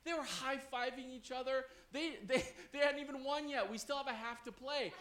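A man preaching a story-led sermon before a congregation, animated, often checking in with listeners. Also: extremely high pitch, moderate pace, roomy sound.

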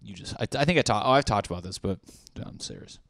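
Young male podcast host, fairly low voice, dry close mic, rambling and foul-mouthed. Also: fast, gravelly, no echo. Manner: profane, rambling, excitable. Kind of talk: casual rambling monologue.

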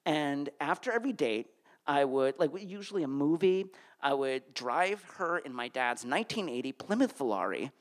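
Animated male storyteller from Connecticut. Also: normal speed. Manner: animated, voice jumps high when flustered. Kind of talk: live comic storytelling.

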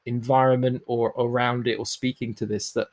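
A man's voice: mid-range voice, little pitch movement, normal speed. A man hosting a podcast conversation, thoughtful and self-deprecating as he reflects.

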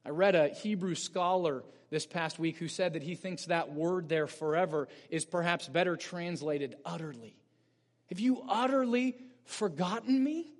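A man, a pastor, preaching a sermon in an earnest, explanatory way and rising in emphasis on key points. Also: on the high side. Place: church sanctuary. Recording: long church reverb.

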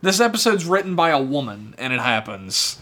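A man's voice: medium pitch, big pitch swings, normal speed, pushed and bright. A man co-hosting a podcast, casually recapping a TV episode with a profane, joking manner. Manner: profane, jokey, acts out characters in quotes. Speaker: podcast co-host.

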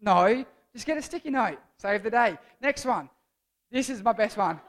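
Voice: medium pitch, lively intonation, normal speed. A young adult giving a casual, jokey youth sermon as a church speaker, rambling and playful.

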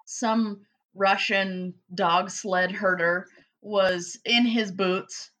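A woman's voice: mid-range voice, fairly even intonation, drawn-out words, a bit bright. A woman co-hosting a podcast in casual chat, joking wryly and swearing casually. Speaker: podcast co-host.

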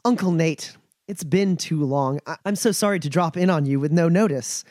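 A man's voice: on the high side, normal speed, darkish tone, no room sound, clean studio sound, lightly acted. A man voicing a poised young noblewoman who speaks courteously but firmly in a tabletop game. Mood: polite. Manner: courteous, formal speech.

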